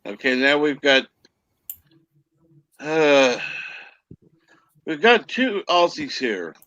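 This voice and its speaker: Slow, hesitant man on a dry call. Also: fairly high pitch, very animated, bright, forceful tone, no echo, dull audio. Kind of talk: casual group chat.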